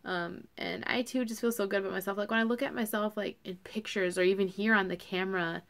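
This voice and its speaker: A woman's voice: medium pitch, steady tone, fast, creaky, a bit bright. Chatty young woman vlogging. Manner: chatty, full of fillers and "like". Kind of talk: casual chat to camera.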